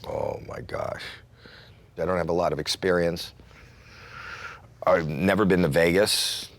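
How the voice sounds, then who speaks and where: A man in his sixties from Canada, a comedian telling a story in an interview and acting out quotes with sudden jumps in pitch. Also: fairly even intonation, a little slow, no room sound. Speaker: comedian guest.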